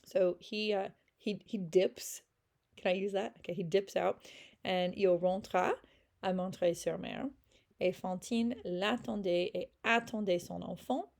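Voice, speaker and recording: Casual teacher, woman, gravelly and warm, chatty with lots of fillers. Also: mid-range voice, steady tone, a little slow. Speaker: French teacher. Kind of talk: casual read-aloud lesson, reading and explaining a French novel.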